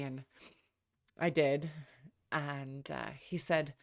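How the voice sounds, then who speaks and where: Low gravelly woman telling her story. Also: fairly even intonation, a little slow, long pauses, fairly bright tone. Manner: reflective, wry, acts out quoted voices. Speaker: podcast host. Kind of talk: personal storytelling.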